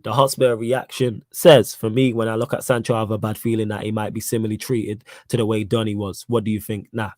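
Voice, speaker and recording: A man's voice: on the low side, flat delivery, fast, hardly any pauses, a little mellow, dry recording. Slangy young man. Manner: slangy, emphatic, repeats points. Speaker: podcast host reading live chat. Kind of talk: casual live-stream chat.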